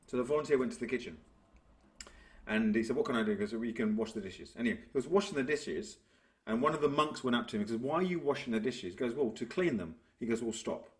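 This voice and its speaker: A man, a business coach talking through ideas and telling stories in a relaxed interview. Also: medium pitch, fast. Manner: reflective, tells stories to make a point. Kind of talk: conversational interview.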